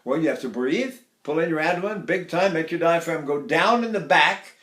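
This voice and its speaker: Casting: older voice teacher, high-pitched, breaks into sung demos, recorded in a roomy space. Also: male voice, animated, moderate pace, fairly bright tone. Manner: demonstrates by sighing and singing phrases high. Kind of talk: vocal technique lesson. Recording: echoey room.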